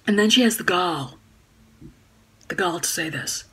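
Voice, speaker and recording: A woman's voice: on the low side, animated, measured pace, fairly bright tone, breathy edge, low-quality recording. A woman talking to camera at home in a casual vlog, rambling and indignant, with many fillers and restarts. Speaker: YouTube vlogger. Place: home room by a sunny window.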